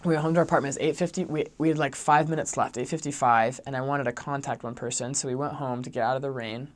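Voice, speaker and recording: A young man who used to be a missionary tells a personal story chattily, filled with fillers, raising his voice whenever he quotes himself speaking kindly. His mid-range voice holds a steady tone at a quick pace.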